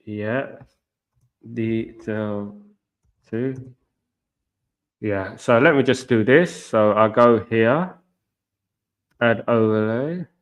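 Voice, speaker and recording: A middle-aged British man chats casually on his football channel's live stream, rambling, repeating himself and addressing viewers as guys. His fairly low voice is extremely slow with long pauses, and the highs are cut off.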